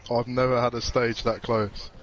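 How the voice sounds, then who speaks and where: A man's voice: mid-range voice, flat delivery, normal speed, lo-fi sound, slight background noise. A man chatting casually as a sim racing driver, laid-back and laughing often. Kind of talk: casual chat.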